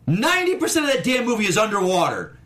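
A man's voice: high-pitched, fast, background noise. A man chatting animatedly as a panelist, often jumping in over others. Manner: animated, interrupting. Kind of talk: casual panel chat.

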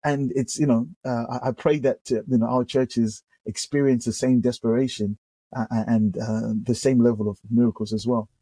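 A British man, a pastor, sharing his testimony in conversation, animated and full of quick restarts. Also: medium pitch, no room sound. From United Kingdom. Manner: animated storyteller with frequent restarts. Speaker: pastor, guest.

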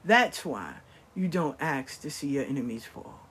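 Woman doing a low, husky male reader, curt and fed up. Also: expressive, unhurried, a bit bright, full character voice. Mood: disgusted, stern. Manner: curt, dismissive. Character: blunt disgusted male spiritual reader.

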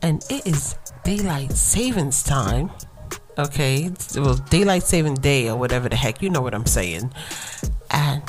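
Woman, podcast host, low voice, unhurried, tired, chatty, affirming, music underneath. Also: lively intonation. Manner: chatty, affirming, asks listeners "right?" often, laughs between lines. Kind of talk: casual solo podcast talk.

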